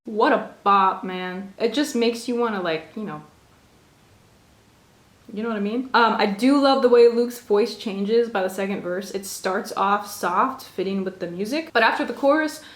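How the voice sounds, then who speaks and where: A woman's voice: mid-range voice, normal speed, echoey room, slight background noise. A young woman vlogging from her bedroom, gushing about an album with frequent laughs. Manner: gushing, animated, laughs often. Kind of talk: casual chat.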